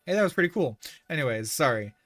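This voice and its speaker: A man streaming a video game live, chatting casually in a rambling, excitable way with frequent restarts. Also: fairly high pitch, fast, faint music behind. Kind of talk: casual livestream chat while gaming.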